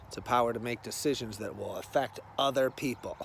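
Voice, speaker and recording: A man's voice: mid-range voice, fairly quick, vocal fry, a little hiss or hum. A man vlogging in a casual, rambling monologue on a ride-along, playful and sometimes dropping to near-whispers.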